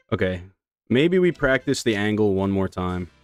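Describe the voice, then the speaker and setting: A man's voice: fairly low pitch, big pitch swings, takes it slowly, clear, resonant tone, dry recording, soft background music. A man chatting casually on a live stream while playing, rambling and slangy. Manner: rambling, slangy, laid-back. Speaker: speedrun streamer.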